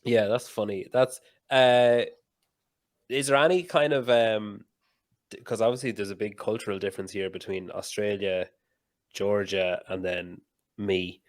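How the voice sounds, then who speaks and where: Low-voiced laughing man, dry sound. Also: steady tone, unhurried, no echo. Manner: laughing, rambling storyteller who swears casually. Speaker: podcast host. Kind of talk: casual chat.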